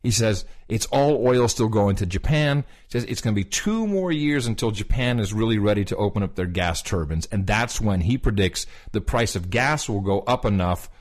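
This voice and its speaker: Man, low voice, podcast co-host, casual storytelling, fillers and restarts. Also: normal speed, few pauses. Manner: animated retelling, quoting others, many fillers and restarts.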